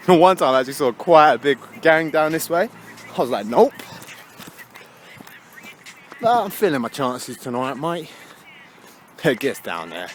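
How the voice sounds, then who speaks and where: A man's voice: medium pitch, very animated, moderate pace, pauses often. A young man, chatting casually while he walks and vlogs outdoors, swearing and laughing often. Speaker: vlogger. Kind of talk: casual walking vlog. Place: outdoors on busy town streets. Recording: faint street noise behind.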